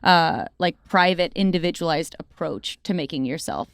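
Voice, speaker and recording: Smooth-voiced young woman co-host. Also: low-pitched, normal speed, dry recording, clean studio sound. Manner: animated storyteller, heavy use of "like". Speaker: podcast co-host. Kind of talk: casual chat.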